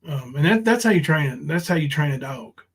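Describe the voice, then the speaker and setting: A man's voice: fairly high pitch, expressive, a little fast, breathy edge, low-quality recording. A man ranting on a livestream, confrontational and profane, full of ums and restarts. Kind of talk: casual livestream rant.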